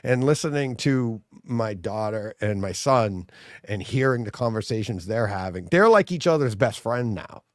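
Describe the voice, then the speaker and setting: Lively animated male podcast host. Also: on the low side, normal speed, no echo, studio quality. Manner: animated storyteller, laughs often. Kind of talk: casual live podcast chat.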